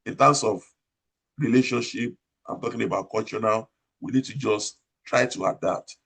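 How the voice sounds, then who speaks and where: Loud, emphatic Nigerian man. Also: on the low side, normal speed, gravelly, husky. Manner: loud, emphatic, repeats points and asks rhetorical questions. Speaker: operating room nurse manager. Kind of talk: advice talk in an interview.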